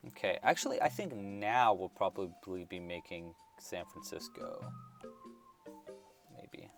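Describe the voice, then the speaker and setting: A man's voice: low voice, animated, measured pace, faint music behind. A man hosting a casual crochet livestream, chatting loosely with many fillers and restarts and counting stitches aloud under his breath.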